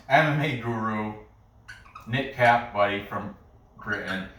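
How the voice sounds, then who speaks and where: Rambling man with a bright voice. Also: medium pitch, roomy sound, distant mic. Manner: rambling, laughs often, many restarts. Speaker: podcast host making fight picks. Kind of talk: casual chat.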